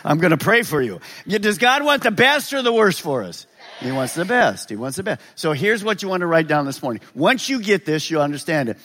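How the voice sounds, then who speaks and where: A male pastor preaching a sermon, animated and joking, asking the congregation rhetorical questions. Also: high-pitched. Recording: long hall reverb.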